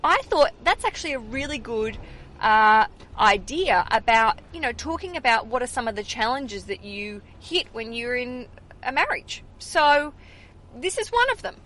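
A woman's voice: fairly high pitch, sing-song, moderate pace, a bit bright. Chatty Australian woman hosting a podcast. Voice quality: chatty, laughs easily, self-correcting. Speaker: podcast host. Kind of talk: casual chat. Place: in a car.

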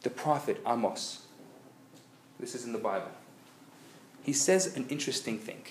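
A man speaking as a rabbi, giving a live lecture and telling jokes with lively storytelling. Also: mid-range voice, normal speed. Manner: animated joke-telling storyteller. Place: community center lecture hall. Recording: echoey hall, faint noise.

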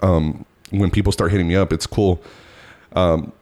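Very deep-voiced laid-back podcast host. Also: male voice, steady tone, moderate pace, warm tone. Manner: laid-back, laughs often, short agreements. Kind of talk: casual podcast chat. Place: small home studio.

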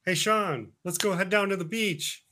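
A man's voice: high voice, normal speed, pushed and bright. A man playing a sulky, defensive younger teenage son in a comedic horror audio skit.

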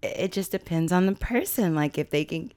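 A woman's voice: lowish voice, expressive, normal speed, darkish tone. A woman co-hosting a podcast, talking frankly in casual chat, teasing and often laughing. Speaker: podcast co-host.

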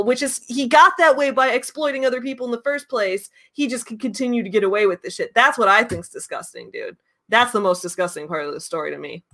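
A woman's voice: fairly high pitch, bright, forceful tone. A woman hosting a reaction video, commenting bluntly and indignantly with swearing on a clip.

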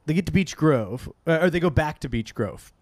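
A podcast host, a man with a fairly high, lively voice, recorded close and dry. He reads passages aloud and then breaks off into deadpan jokes, chuckling along the way. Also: normal speed, no echo. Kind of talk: casual comedic book reading and discussion.

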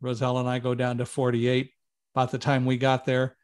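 A middle-aged man telling a personal story as an interview guest, lively, acting out quoted lines with raised voice. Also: fairly quick. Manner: animated, raises pitch and volume for quoted lines. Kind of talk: conversational storytelling.

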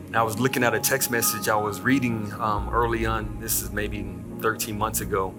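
A man's voice: on the low side, little pitch movement, brisk. A male pastor preaching a sermon in a conversational way, with restarts. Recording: loud music behind the voice.

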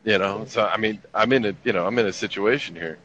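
A man's voice: fairly low pitch, fast talker, a crowd in the background. A man in his fifties telling army stories in casual chat, with a laid-back, profane, wry delivery. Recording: dull lo-fi recording with faint ambience.

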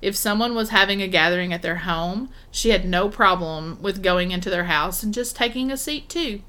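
A woman's voice: mid-range voice, moderate pace, pushed and bright. A woman co-hosting a podcast, joking, swearing and laughing in casual chat. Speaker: podcast co-host.

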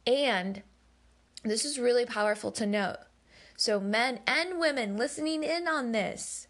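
A woman hosting a podcast, telling a personal story in an emphatic, candid way, swearing when heated. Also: on the high side. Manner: slow and deliberate. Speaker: podcast host.

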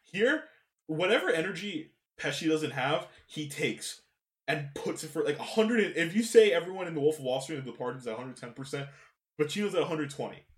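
A man hosting a casual film discussion podcast, animated, swearing, with many fillers and restarts. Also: on the high side, fairly quick. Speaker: podcast host. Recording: roomy echo.

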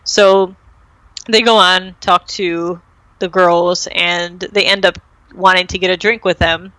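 A woman's voice: fairly low pitch, flat delivery, takes it slowly, pushed and bright, no echo, low-quality recording. A young woman hosting a podcast, casually retelling a TV episode with lots of fillers and acted-out quotes. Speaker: podcast host recapping a TV episode. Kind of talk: casual chat.

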